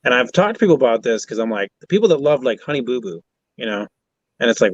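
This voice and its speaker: A man's voice: mid-range voice, lively intonation, quick pace, no room sound. Easygoing man on a dull, lo-fi mic. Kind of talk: casual chat.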